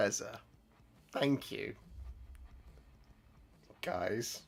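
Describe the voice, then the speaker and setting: A man's voice: lowish voice, extremely slow, vocal fry, slightly rough. A touched, laughing man. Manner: emotional, laughs often, repeats his thanks. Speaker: channel host. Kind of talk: live-stream chat while painting miniatures.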